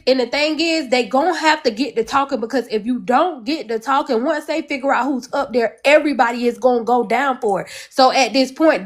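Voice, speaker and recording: A woman calling into a live stream, laying out her theory in long run-on stretches of casual commentary. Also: high-pitched.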